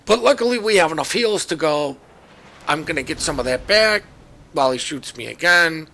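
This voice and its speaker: A man's voice: fairly high pitch, animated, moderate pace, creaky, pushed and bright. A man giving casual, joking commentary over his own naval battle game footage, chatty and self-mocking. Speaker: gameplay commentator.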